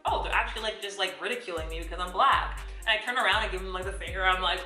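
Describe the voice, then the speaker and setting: A young woman from Ghana living in Canada, casually telling animated travel stories with swearing, and acting out other people's lines. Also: mid-range voice, racing, roomy sound, soft background music. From Ghana-born, living in Canada. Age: young adult. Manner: animated storytelling, swears, acts out voices with laughs. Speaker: travel storyteller. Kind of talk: casual chat.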